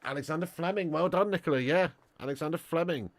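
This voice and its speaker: A man's voice: fairly high pitch, fast, no echo. A man hosting a live football watch-along, reading out viewer messages and joking with cheeky boasts and lots of laughter. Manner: banter-heavy, laughs often, joking boasts. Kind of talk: live-stream chat reading super chats.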